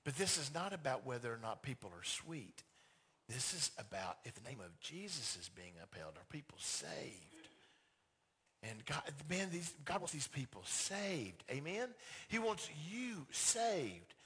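A man's voice: medium pitch, very animated, moderate pace, bright, forceful tone, husky. A man preaching a sermon, emphatic and direct, who acts out little dialogues to make his points. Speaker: pastor.

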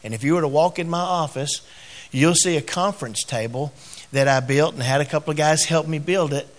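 A middle-aged man preaching a sermon as a pastor. He tells a personal story in quiet, halting phrases and grows louder and higher when he exhorts.

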